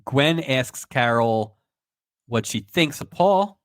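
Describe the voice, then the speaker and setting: A man co-hosting a podcast, walking through an old episode's plot and laughing as he goes. His pitch swings widely and his delivery is animated. The recording is dry and close, with no room sound. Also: slow pace, no room sound. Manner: laughs often, narrates plot beats. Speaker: podcast co-host. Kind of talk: casual recap chat.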